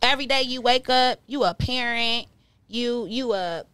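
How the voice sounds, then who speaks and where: A woman in her thirties co-hosting a podcast, talking bluntly and profanely with animated storytelling. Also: fairly high pitch, normal speed, clear, resonant tone, no room sound. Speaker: podcast co-host. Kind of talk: casual chat.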